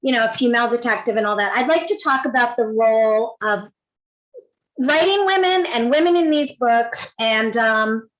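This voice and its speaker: A woman's voice: fairly high pitch, normal speed, a bit bright, rough recording. A woman hosting an author panel over video, asking long, chatty, rambling questions. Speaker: panel host. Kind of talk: moderating a panel.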